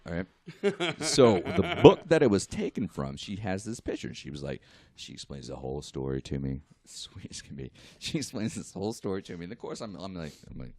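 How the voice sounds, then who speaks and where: A man with a deep voice, speaking at a moderate pace, is a guest artist telling a story in a casual podcast chat. He's animated, laughing and acting out what other people said.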